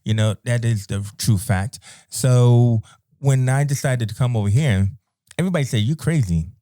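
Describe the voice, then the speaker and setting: American man, New York accent, middle-aged, relaxed storyteller, laughs a lot, dry close mic. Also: mid-range voice, normal speed, smooth, dry recording. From United States. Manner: laughs often, laid-back storytelling. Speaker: podcast guest. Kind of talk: casual chat.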